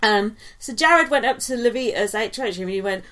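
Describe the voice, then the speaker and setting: Lady podcast host, giggly gossipy chat, kinda high voice. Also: lively intonation, brisk, fairly bright tone. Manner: giggly, gossipy, quotes people in put-on voices. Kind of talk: casual chat.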